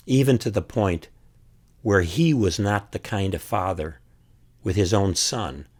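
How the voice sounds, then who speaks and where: A man's voice: low-pitched, a little mellow. A man speaking earnestly and from the heart as an author and host, reflecting on a film scene. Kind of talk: reflective commentary to camera.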